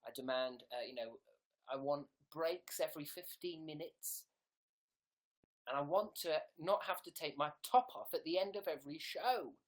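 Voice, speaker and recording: A man's voice: on the high side, moderate pace. A man hosting a casual livestream from home on a webcam, rambling and joking at his own expense. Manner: joking, rambling, self-mocking. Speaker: livestream host.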